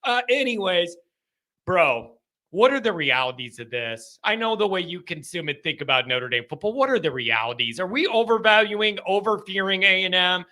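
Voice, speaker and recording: Male call-in host, 30s, very bright high voice, jokey. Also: normal speed. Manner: excitable, jokey, laughs often. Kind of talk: casual call-in chat.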